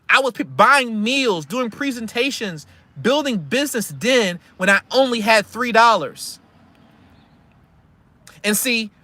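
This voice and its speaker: A man's voice: very high-pitched, bright, forceful tone, no room sound. A man giving a blunt, slangy motivational rant about money and credit from his parked car, repeating himself to push his points. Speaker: credit and investing vlogger. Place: parked car in a store parking lot.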